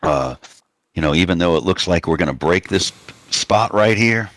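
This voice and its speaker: A man's voice: deep voice, lively intonation, normal speed, fairly bright tone, no room sound. A man moderating a trading stream, talking casually in a laid-back, folksy way. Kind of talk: casual live-stream chat.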